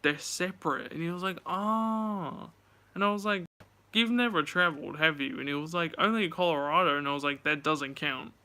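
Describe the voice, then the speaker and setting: Young male vlogger, casual storytelling, fairly high, bright and clear voice. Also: quick pace, few pauses. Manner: chatty, swears, retells dialogue animatedly.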